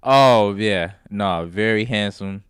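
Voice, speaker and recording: Podcast host, woman with an extremely low, dry voice, slangy and supportive. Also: slow, clear, resonant tone, no echo. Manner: slangy, affirming, finishes the guest's thoughts. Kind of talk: casual chat.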